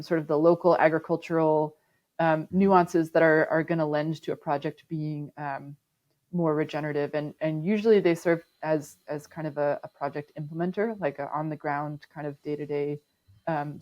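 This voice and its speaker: A woman with a deep, slightly mellow voice speaks as a sustainability manager guesting on a podcast interview. She explains her work thoughtfully in a conversational way, with frequent ums and restarts. The audio is dull.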